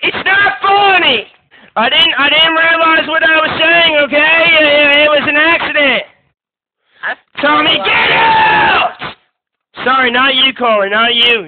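A man hosting a comedic livestream hotline, breaking into frantic shouting outbursts between soft, pleading stretches. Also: extremely high pitch, sing-song, measured pace, background noise. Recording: tinny phone-quality lo-fi audio.

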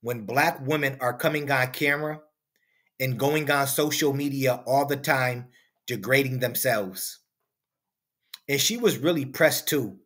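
A man's voice: mid-range voice, unhurried, fairly bright tone. A man hosting a reaction commentary video, preaching and firing off rhetorical questions. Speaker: commentary channel host.

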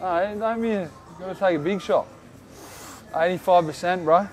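A man's voice: high voice, normal speed, a little mellow, soft background music. A young man in his twenties with an Australian accent, vlogging in a brash, joking way and swearing freely. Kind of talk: casual vlog.

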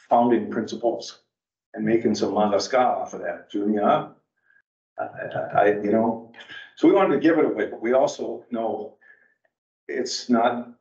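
Guesting at an adult education class held in a church meeting room, this medium-pitched man rambles animatedly, telling stories and digressing. The mic is far from him, the space roomy, and the recording dull and lo-fi.

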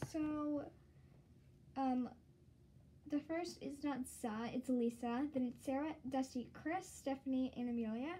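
A woman's voice: high voice, dark tone, slight background noise. A woman from the Southern United States giving a casual show-and-tell tour of her toy collection, rambling and giggly, with lots of "um" and "like".

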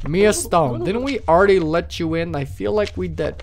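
A man's voice: sits high, animated, normal speed, hardly any pauses, a little hiss or hum. Jokey, profane man streaming a horror game. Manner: jokey, profane, talks to game characters as a doorman; swings between loud mock-cheer and muttered asides. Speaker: let's play streamer. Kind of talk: live gameplay commentary.

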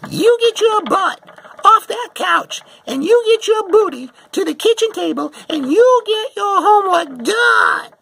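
A man voicing a harsh mother yelling at her kid about homework in a shrill, shouting falsetto. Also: sing-song, measured pace, gravelly, full character voice. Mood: angry.

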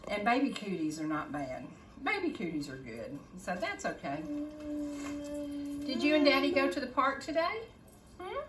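A woman's voice: medium pitch, very animated, normal speed. An older woman hosts a casual cooking demo, coaxing her grandchild in a sing-song, baby-talk manner. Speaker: host. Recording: echoey kitchen, faint noise.

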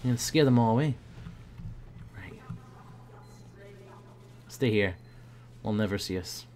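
A young man giving playful commentary over a video game, breaking into loud high yells when the action heats up. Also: takes it slowly, slight background noise. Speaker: gaming video host. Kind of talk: casual gameplay commentary.

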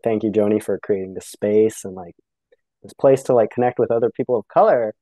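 A man's voice: fairly low pitch, brisk, dark tone, no room sound, rough recording. A young Canadian man speaking reflectively as a podcast guest, often acting out the voices of people he quotes. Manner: reflective, filler-heavy, acts out quoted exchanges. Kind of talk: casual conversation.

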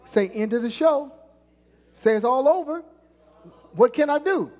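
A woman's voice: fairly high pitch, big pitch swings, unhurried, pauses often, a little mellow. A woman pastor preaching a sermon, leading call-and-response and stretching out key lines for emphasis. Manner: call-and-response preaching, prompting the congregation to repeat phrases. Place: church sanctuary. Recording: long church reverb.

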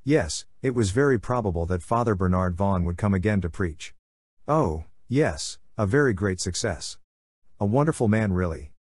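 A man with a fairly low voice reads a novel aloud in a measured, unhurried way. The sound is dry and close, with no room around it. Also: darkish tone, no room sound. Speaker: audiobook narrator. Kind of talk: scripted literary narration.

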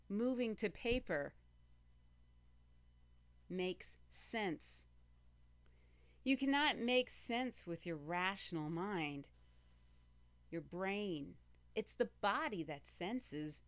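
Woman reading her poem real slow, lowish voice, flat dry sound, says each line on purpose. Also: no echo. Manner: slow, deliberate, repetitive recitation of commands. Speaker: poet. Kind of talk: spoken word poetry reading.

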